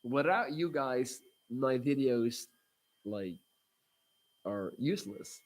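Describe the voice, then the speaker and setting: A man's voice: medium pitch, animated, takes it slowly. Rambling casual man on a livestream. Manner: rambling, frequent fillers and restarts, blunt and cursing. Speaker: livestream host reading viewer comments.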